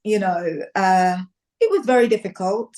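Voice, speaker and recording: A woman's voice: mid-range voice, a little slow. A woman sharing her personal testimony in conversation, telling it animatedly and acting out the voices of the people in it. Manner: animated storytelling with acted quotes and laughs.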